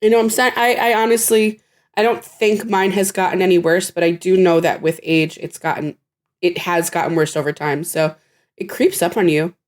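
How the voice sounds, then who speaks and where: A woman co-hosts a podcast, chatting casually, swearing now and then, and laughing often. Her voice sits on the low side, with a steady tone and a moderate pace.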